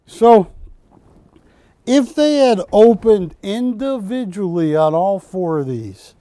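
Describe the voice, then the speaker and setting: A man's voice: high voice, lively intonation, takes it slowly, dark tone, no room sound. A man hosting a live shopping-channel show, selling art with a folksy, joking, bargain-pushing manner in a TV studio. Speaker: home-shopping host.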